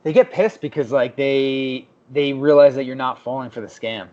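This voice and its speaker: A young man co-hosting a podcast, telling a story in a lively way and acting out the people he quotes. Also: medium pitch, moderate pace. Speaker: podcast co-host. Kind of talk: casual chat. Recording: dull lo-fi podcast audio.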